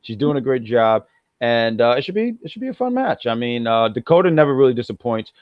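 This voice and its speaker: A man co-hosting a casual wrestling review podcast, rambling with many restarts and bursts of loud excitement. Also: mid-range voice, fairly quick, dry recording, highs cut off. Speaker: podcast co-host.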